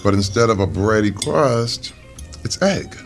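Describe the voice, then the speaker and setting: A man's voice: on the low side, big pitch swings, measured pace, soft background music. A man being interviewed over a meal, telling earnest, reflective stories. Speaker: interview guest.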